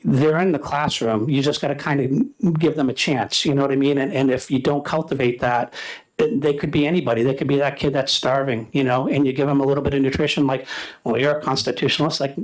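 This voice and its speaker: A man's voice: mid-range voice, steady tone, quick pace, poor audio. A man in his fifties, a retired teacher, giving heartfelt personal testimony in a legislative committee room. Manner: earnest, heartfelt storytelling.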